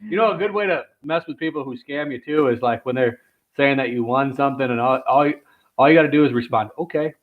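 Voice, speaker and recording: A man's voice: medium pitch, quick pace. A man chatting casually as co-host, explaining things in an easygoing way with a few restarts. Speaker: co-host, military veteran. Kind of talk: casual chat. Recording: tinny phone-like sound.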